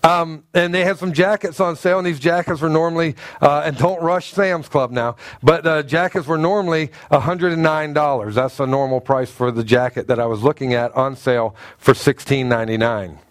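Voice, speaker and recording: A middle-aged man, a pastor, preaching a sermon in a church with animated, humorous storytelling and self-mocking asides. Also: on the high side, moderate pace, few pauses, no echo. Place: church sanctuary.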